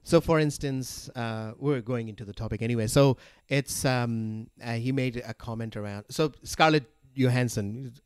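Pakistani-born guy on a podcast, smooth voice, lots of restarts, dry close mic. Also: mid-range voice, a little mellow, dry recording. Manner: halting, laughs often, many restarts. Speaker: guest comedian. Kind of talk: casual podcast chat.

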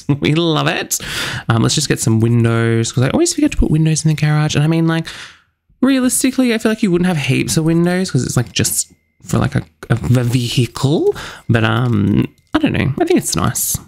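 A man's voice: fairly high pitch, vocal fry, a little mellow. A young man chatting casually in a bubbly, chatty, self-mocking way while he narrates his gameplay. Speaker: gaming channel host.

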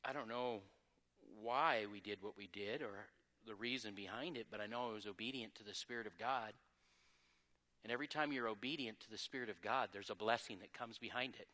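A man pastor preaching a sermon with lively energy, moving between loud exclamations and quieter, conversational asides. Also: on the low side, a little fast, long reverb tail. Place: church sanctuary.

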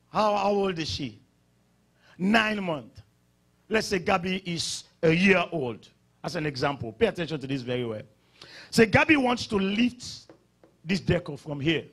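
A male pastor preaching a sermon, swinging between sudden loud declarations and quiet asides. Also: sits high, breathy edge.

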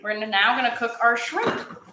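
A woman's voice: on the high side, lively intonation, a little fast, sharp tone, reverberant, slight background noise. A young woman hosting a live-streamed cooking class, chatty and encouraging with her viewers, teary and sniffly from cutting onions.

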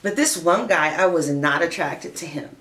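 A woman's voice: deep voice, lively intonation, normal speed, fairly bright tone, roomy sound, slight background noise. A woman giving a casual tarot reading, chatty and playful, who laughs often and calls listeners honey and darling. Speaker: tarot reader.

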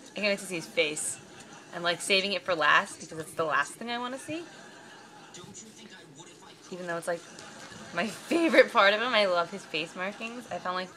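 A woman unboxing a model horse in a vlog, gushing and squealing with excitement. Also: mid-range voice. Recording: noisy home camera audio.

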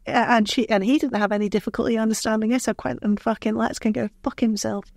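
A woman's voice: fairly high pitch, steady tone, quick pace, a little mellow, dry recording. A woman chatting on a podcast, rambling and sweary with a heated edge. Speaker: podcast co-host. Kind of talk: casual podcast chat.

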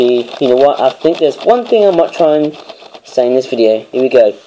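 A hoarse man with an Australian accent, rambling through a casual product review vlog and often correcting himself. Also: a little high, warm tone, slight background noise, poor audio. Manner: rambling, hesitant, self-correcting. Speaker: toy reviewer.

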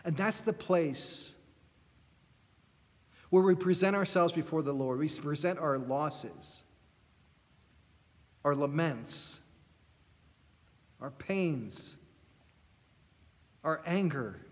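Male pastor, high voice, impassioned repetitive sermon cadence, long church reverb. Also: expressive, drawn-out words, pauses often.

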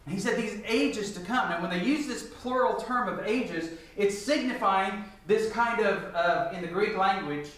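A man in his forties preaches with a fairly high, emphatic voice, pressing his points with rhetorical questions. He is recorded from some distance in a very echoey church hall, so the sound rings and thins out. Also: measured pace, hardly any pauses, fairly bright tone. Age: 40s. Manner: emphatic, rhetorical questions, reads scripture aloud. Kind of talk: sermon lecture.

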